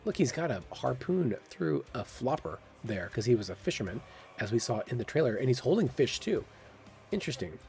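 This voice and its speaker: A man's voice: medium pitch, sing-song, brisk, gravelly, a little mellow, faint music behind. A man hosting a gaming channel, giving casual, curious commentary and thinking aloud with exclamations. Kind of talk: casual game commentary voice-over.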